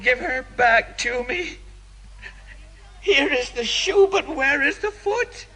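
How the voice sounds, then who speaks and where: A man's voice: very high-pitched, a bit bright, slight background noise, full character voice, low-quality recording. A performer voicing a grieving old mother in a radio drama, wailing and imploring.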